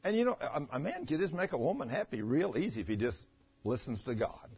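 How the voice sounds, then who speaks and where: A pastor, preaching and telling personal stories in a folksy, chatty way with stammering restarts. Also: male voice, mid-range voice, big pitch swings, fairly quick, husky. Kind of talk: sermon with personal storytelling. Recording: muffled lo-fi recording.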